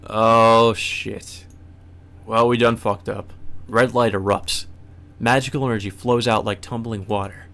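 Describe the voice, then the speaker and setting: A man's voice: lowish voice, fairly even intonation, moderate pace, a bit bright. A man hosting a let's play, reading a visual novel's narration aloud and breaking in with casual swearing asides.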